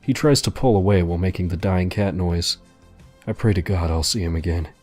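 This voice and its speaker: A man with a fairly low voice tells a story in a dry, deadpan narration. Faint music plays quietly behind him. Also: brisk.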